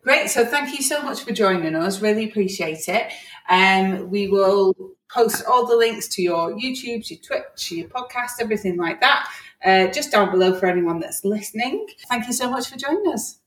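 A woman's voice: medium pitch, animated, moderate pace, a bit bright. A woman hosting a podcast in casual chat, upbeat as she thanks her guests. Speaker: podcast host. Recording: distant echoey mic.

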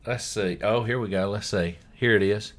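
A Southern-accented man co-hosting a podcast, talking in a loose, chatty way. His voice sits a little low. He keeps turning to his co-host by name. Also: moderate pace. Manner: chatty, often says his co-host's name. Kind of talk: casual podcast chat.

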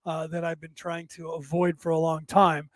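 A man's voice: fairly high pitch, level tone, moderate pace, dry recording. A man hosting a casual solo livestream, talking in a rambling way with many fillers and restarts. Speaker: host.

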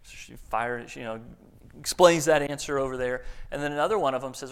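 A man's voice: medium pitch, brisk, clean tone. A man preaching a sermon, telling a story earnestly with small restarts.

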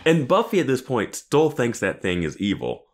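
A man's voice: mid-range voice, huge pitch swings, normal speed. A man co-hosting a podcast, casually recapping a TV episode with sarcastic asides and frequent laughter. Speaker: podcast co-host.

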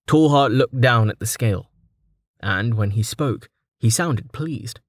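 A man narrating a fantasy audiobook in a steady, even storytelling manner. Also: mid-range voice, a little slow, no echo, studio quality.

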